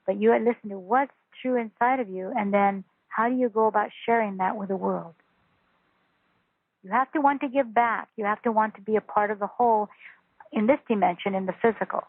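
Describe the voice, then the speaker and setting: A woman's voice: mid-range voice, fairly quick, husky, no room sound. A woman spiritual teacher on a phone interview, talking in an earnest, repetitive, emphatic way. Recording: tinny phone line.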